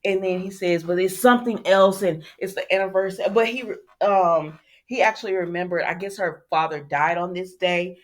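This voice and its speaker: A woman hosting a casual recap channel, retelling a soap episode in an animated, chatty way, talking straight to her viewers and acting out the characters' lines. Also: lowish voice, normal speed, few pauses. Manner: animated storytelling, talks straight to viewers, acts out quotes. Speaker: soap opera recap host.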